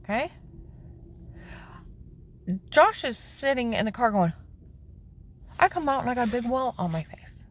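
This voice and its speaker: A woman telling the story of her own life in plain words, emphatic and indignant, her voice climbing high when she is upset. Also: big pitch swings, unhurried, long pauses. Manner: plain-spoken, with frequent "okay?" asides. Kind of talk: personal testimony, candid storytelling.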